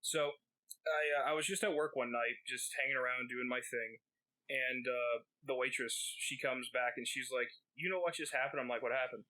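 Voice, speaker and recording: A man's voice: medium pitch, level tone, moderate pace, bright, forceful tone, low-quality recording. A man co-hosting a podcast, telling a rambling, profane story full of fillers. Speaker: podcast co-host. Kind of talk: casual storytelling.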